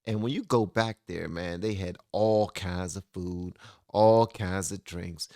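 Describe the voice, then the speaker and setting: A man with a low, gravelly voice hosts a reaction video in a relaxed, chatty way. The sound is dry and close, with faint music underneath. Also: slow, no echo. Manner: relaxed, chatty, many fillers. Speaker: reaction channel host. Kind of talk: casual reaction commentary.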